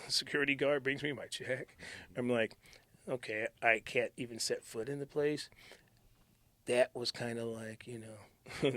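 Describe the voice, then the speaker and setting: Animated male radio storyteller, dry sound. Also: medium pitch, no echo. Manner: animated storyteller, acts out quotes, drops to near-whisper. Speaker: radio DJ recalling station stories. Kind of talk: casual storytelling chat.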